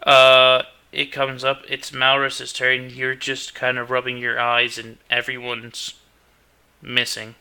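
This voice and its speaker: Male game master, slow and gravelly, bright edgy tone, relaxed narration. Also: mid-range voice. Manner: unhurried narration with restarts and fillers.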